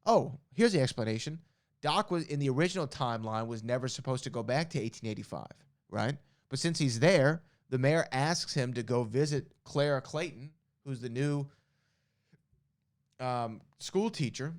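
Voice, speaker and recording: A man's voice: mid-range voice, expressive, moderate pace, no echo, studio quality. A male podcast host reading trivia questions and answers aloud, breaking off for chatty asides and correcting himself as he goes.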